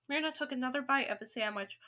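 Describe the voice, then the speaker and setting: A woman reads a children's novel aloud in a lively, expressive manner. Her voice sits high and sounds bright and crisp, suited to a storybook. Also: fast talker. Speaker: reader.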